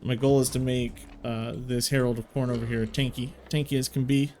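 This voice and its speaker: A man's voice: mid-range voice, flat delivery, a little fast, dark tone, slight background noise. A man hosting a strategy game let's play, thinking aloud as he plays and talking in casual slang. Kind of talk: video game commentary.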